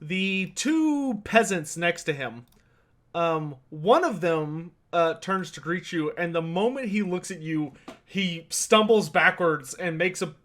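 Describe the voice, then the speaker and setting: High-voiced man narrating as game master. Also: a bit bright. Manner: casual, filler-heavy narration.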